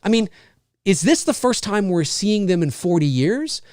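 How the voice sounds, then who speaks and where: A man's voice: high voice, big pitch swings, normal speed, darkish tone, dry recording, clean studio sound. A man giving an unscripted spoken film review, thinking aloud and often restarting his sentences as he works out his opinion.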